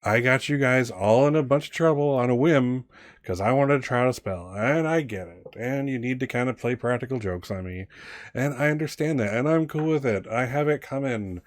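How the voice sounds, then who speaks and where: An earnest teenage boy wizard frets and pleads in long, rambling runs, as a man puts him on. The voice sits at an ordinary middle pitch. The sound is dry and close. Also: animated, moderate pace, no room sound, natural voice. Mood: apologetic.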